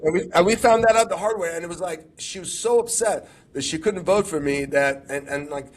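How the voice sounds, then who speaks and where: Animated Texan man telling a story. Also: high-pitched, brisk. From Texas. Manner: animated storyteller, acts out quoted voices. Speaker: former congressional candidate. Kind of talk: casual podcast storytelling.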